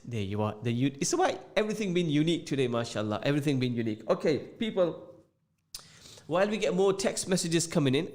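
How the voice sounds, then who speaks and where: A man hosting a radio show with a mixed northern English and London accent, chatting casually, joking and repeating phrases as he reads out listener messages. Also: fairly high pitch. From England. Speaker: radio host. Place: radio studio.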